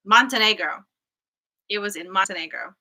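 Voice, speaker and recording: A woman's voice: medium pitch, normal speed, creaky, sharp tone. Dry-witted young woman with a Long Island accent. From New York. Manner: dry, laughing, matter-of-fact. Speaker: co-host. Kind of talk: casual Q&A chat.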